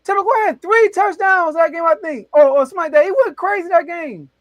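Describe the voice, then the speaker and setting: Hosting a casual sports debate show, a man tells stories with animated excitement and big leaps in his voice. His pitch is very high, his pace fairly quick, and there's no room sound.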